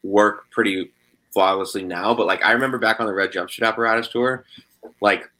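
A man's voice: lowish voice, fairly even intonation, a little fast, bright, forceful tone. A young man, a guitarist, chatting casually, swearing often and saying "dude" and "like" a lot. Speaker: guitarist in a band. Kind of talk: casual chat.

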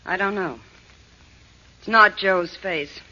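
An actress playing a cool, sharp-tongued young woman in a 1940s radio drama. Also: mid-range voice, slow pace. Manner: crisp and cool. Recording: dull old radio recording.

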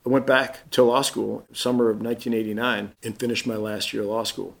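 A man's voice: lowish voice, level tone, fairly quick, gravelly, a bit bright. A man in his fifties, a guest on an interview, telling his story in a casual way and acting out the voices of the people in it.

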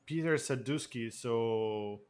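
A man co-hosting a podcast in casual chat, giggly and excitable, jumping in with jokes. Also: medium pitch, slow pace, clear, resonant tone. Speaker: podcast co-host.

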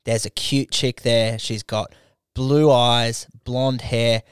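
A man's voice: medium pitch, slow pace, smooth, no room sound, studio quality. A young man, co-hosting a crude casual podcast chat and telling stories with lots of swearing. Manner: animated, swearing storyteller. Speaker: podcast co-host.

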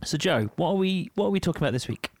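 A man's voice: high voice, expressive, very fast, a little mellow, no echo. A man with a Yorkshire accent co-hosting a music podcast in casual chat, full of ums and little laughs. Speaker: podcast co-host.

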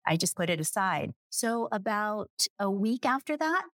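A woman's voice: mid-range voice, big pitch swings, normal speed, a bit bright, no room sound. A woman around sixty, a guest author, telling a personal story in an interview and acting out the voices she quotes.

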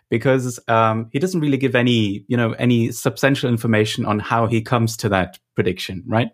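A man's voice: mid-range voice, brisk, hardly any pauses. A man hosting a podcast, guiding the discussion in a conversational way. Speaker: podcast host. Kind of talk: casual discussion.

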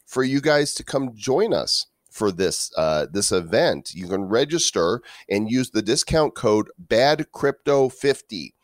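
A man's voice: lowish voice, expressive, a little slow, few pauses, no echo, clean studio sound. A man co-hosting a casual crypto podcast, joking and punning as he reads headlines and promotes events. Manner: playful, jokey, punning. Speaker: podcast co-host. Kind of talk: casual comedic podcast chat.

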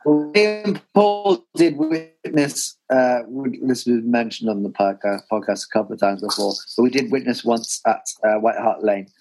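Podcast host, male, animated anecdotes, mid-pitched. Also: moderate pace, hardly any pauses, faint music behind. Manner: animated storyteller, shouts quoted fans. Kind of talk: casual podcast chat.

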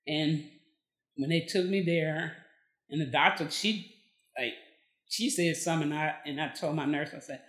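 A woman's voice: sits low, normal speed, roomy sound. A woman, a podcast guest telling her story in casual conversation, acting out what people said. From Texas. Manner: lively, acts out quoted dialogue.

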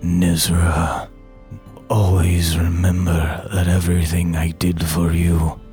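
A man's voice: low-pitched, monotone, takes it slowly, dark tone, soft background music, pitched below the performer's own voice. A man voicing an intense, wizened older male mentor who speaks urgently and earnestly.

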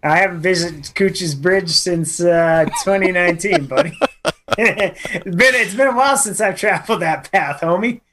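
A man's voice: high voice, normal speed, a bit bright, a little hiss or hum. A man co-hosting a radio show, joking around and laughing in casual banter. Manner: jokey, laughs often, tries silly accents. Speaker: radio co-host.

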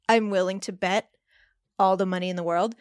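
A woman in her thirties co-hosting a podcast, chatting casually and reading a horror passage aloud with animated emphasis. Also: medium pitch, dry recording, clean studio sound. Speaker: podcast co-host.

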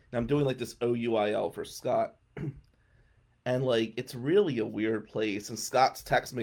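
A male radio show host telling a rambling, comic story in a casual way and clearing his throat often. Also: mid-range voice, unhurried, a little mellow.

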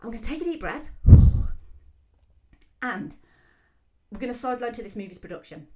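A woman hosting a solo film commentary show, talking quickly and excitedly with frequent fillers. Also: mid-range voice. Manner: fast, excitable talker with many fillers. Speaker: film podcast host.

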